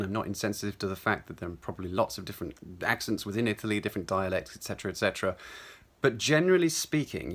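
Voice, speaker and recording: A man with a standard English accent talks through a voice lesson in a conversational, explanatory way. His pitch sits somewhat low, and he often restarts a phrase or adds an aside mid-thought. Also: fairly bright tone. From South Wales. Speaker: voice coach. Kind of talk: instructional talk to camera.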